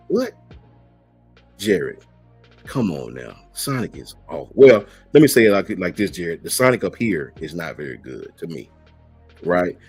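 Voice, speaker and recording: Casting: middle-aged man, lowish voice, relaxed slangy stream host, faint music behind. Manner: laid-back, slangy, reads out and answers chat messages. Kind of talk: casual live-stream chat.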